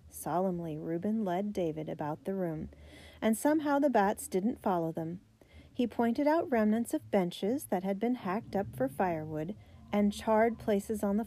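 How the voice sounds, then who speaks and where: A woman narrating a children's biography storybook, reading the characters' lines with raised pitch and emphasis. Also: warm tone, slight background noise. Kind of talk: storybook read-aloud.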